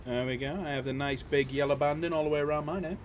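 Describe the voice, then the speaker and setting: Male streamer host, higher-pitched voice, jokey, faint noise behind. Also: fairly even intonation, quick pace. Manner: jokey, loud greetings, laughs often. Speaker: livestream host. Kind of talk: casual livestream chat.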